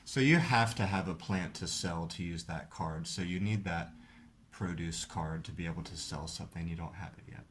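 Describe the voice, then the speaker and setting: A man's voice: low-pitched, normal speed, a bit bright, slight background noise. A man hosting a video, casually explaining the rules of a card game step by step. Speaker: host.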